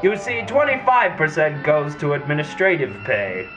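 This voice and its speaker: Guy narrating a mock school video, lively swoopy voice, music under it. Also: a little high, moderate pace, low-quality recording. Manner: sarcastic, mock-patient. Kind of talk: mock-educational sketch narration.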